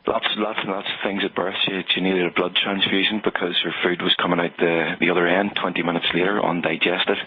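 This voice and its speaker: A man's voice: sits low, level tone, fairly quick, few pauses, breathy edge. A man from Northern Ireland calling a radio show by phone, speaking hesitantly with many fillers. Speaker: caller. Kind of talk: call-in phone conversation. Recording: tinny dry phone line.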